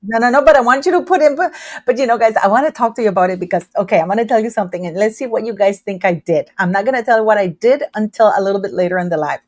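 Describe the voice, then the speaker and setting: A woman hosts a casual livestream, speaking loudly and emphatically as she chats. Her voice sits at a middle pitch. The sound is dry and close, with no room around it. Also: very fast, no echo. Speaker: livestream host. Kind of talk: casual live chat commentary.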